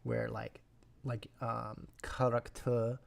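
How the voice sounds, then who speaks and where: A man streaming a language study session, thinking aloud and slowly repeating syllables to practice pronunciation, sometimes dropping to a whisper. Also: medium pitch, fairly even intonation, vocal fry, a little mellow. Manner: slow, repeats sounds and syllables, drops to a whisper at times.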